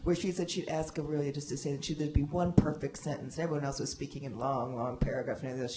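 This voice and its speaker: A woman on a library panel reminiscing about a friend, talking in a halting way with many restarts. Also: rumbling low. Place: library event room. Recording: echoey hall.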